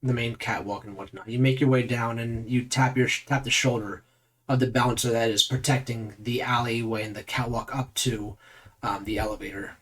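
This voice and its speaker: A man acting as game master runs a tabletop game, narrating loosely with many fillers. His voice is medium-pitched and a bit bright, with fairly even intonation and normal speed.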